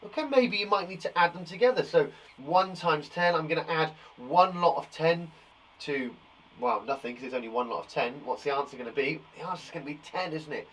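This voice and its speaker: A man's voice: a little high, fairly quick, fairly bright tone, a little hiss or hum, rough recording. Upbeat male teacher. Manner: encouraging, chatty and reassuring. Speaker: primary school teacher. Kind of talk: live children's maths lesson.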